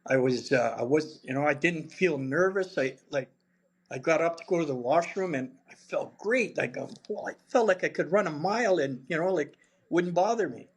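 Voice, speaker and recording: Older man, 70s, higher voice, casual storyteller, swears and laughs. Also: expressive, normal speed, breathy edge. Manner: chatty, blunt, swears freely, laughs through stories. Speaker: podcast guest.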